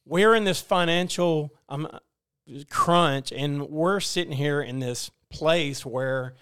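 Halting man, choked up. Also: a little high, a bit bright, clean tone, no echo, studio quality. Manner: halting, many restarts and fillers. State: choked up, near tears. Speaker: guest telling his story. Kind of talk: emotional personal testimony.

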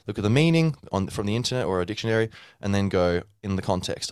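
A man with a low, deep voice talks in a loose, unscripted way, full of fillers and restarts. He explains things casually, as a podcast host would. The recording is dry and close, with no room sound. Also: lively intonation, quick pace, darkish tone, clear, resonant tone, no echo. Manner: rambling, with many fillers and restarts; acts out a learner's inner thoughts. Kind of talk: casual teaching monologue.

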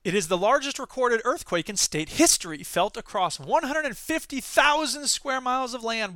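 Sarcastic man with a bright, clear voice. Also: very high voice, big pitch swings, normal speed, few pauses, no echo, clean studio sound. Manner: sarcastic asides between news readings. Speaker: host. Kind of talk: comedic news commentary.

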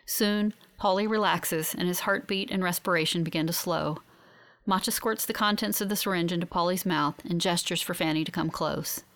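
A woman giving steady, reflective first-person audiobook narration. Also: on the low side, normal speed.

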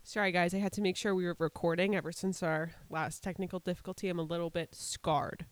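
A woman's voice: lowish voice, level tone, fast. A young woman in her twenties co-hosting a podcast, chatting casually with a friend, giggly and swearing freely. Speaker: podcast co-host. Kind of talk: casual chat.

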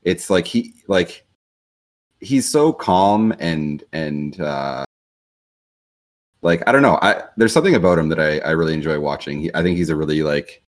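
A man's voice: rumbling low, lively intonation, moderate pace. A man hosting a casual podcast chat, rambling loosely with lots of fillers. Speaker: podcast host.

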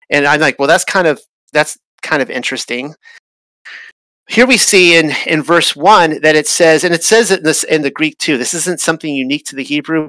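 A man with a bright, forward voice talks through a Bible chapter on his podcast, recorded dry and close. He thinks aloud as he goes, restarting phrases and pausing with fillers. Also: on the high side, dry recording, low-quality recording. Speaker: podcast host. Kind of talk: casual Bible study talk. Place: traveled to Israel.

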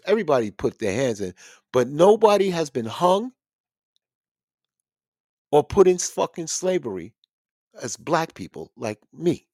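A man's voice: fairly high pitch, measured pace, pauses often, no room sound, studio quality. A man hosting a podcast, ranting in casual, profane commentary. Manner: animated, swearing, ranting. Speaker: podcast host.

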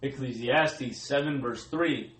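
A man reading scripture aloud in a steady, formal way. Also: mid-range voice, slow pace. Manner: steady, formal reading of old-style verse. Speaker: scripture reader. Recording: echoey room, voice off-mic.

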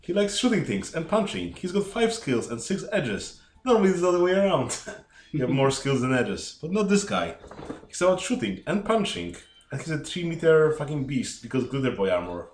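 A man's voice: a little high, very animated, a little fast, a little hiss or hum. A man in a casual game podcast, talking animatedly with swearing. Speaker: player. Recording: echoey room.

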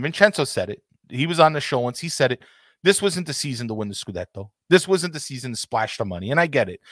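Ranting man, high voice, dry sound. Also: a bit bright, no echo. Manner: passionate, ranting, swears freely. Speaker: podcast host. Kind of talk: heated casual football talk.

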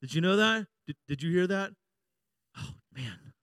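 A man's voice: high voice, expressive, normal speed, a bit bright, dry recording, clean studio sound. A middle-aged man preaching a sermon as a pastor, joking and conversational, often asking the congregation for an amen. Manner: jokey, conversational preaching with frequent call-outs for amen.

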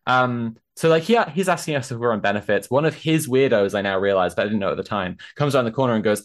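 Brief: young man, mid pitch, rambling casual storyteller, swears freely. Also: fast, hardly any pauses. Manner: animated, swearing, lots of fillers.

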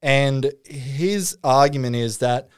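A man's voice: medium pitch, slow, clean tone. A man casually telling a long story in a chat, rambling and full of swearing and fillers. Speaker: podcast co-host telling a story.

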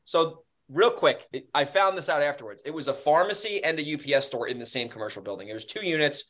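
A man co-hosting a podcast, telling stories in casual chat with animated, profane energy. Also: on the high side, fast. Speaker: podcast co-host.

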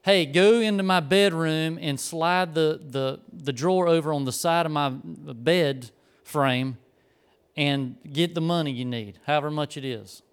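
A man's voice: fairly high pitch, unhurried, clean tone. A man quoting a blind, insistent old man in a story within his sermon.

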